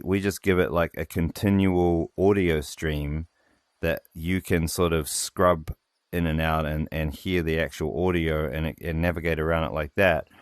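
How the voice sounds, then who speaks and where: A man developer explaining a voice API demo in a casual work meeting, hesitant with lots of pauses and fillers. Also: sits low, no room sound, clean studio sound.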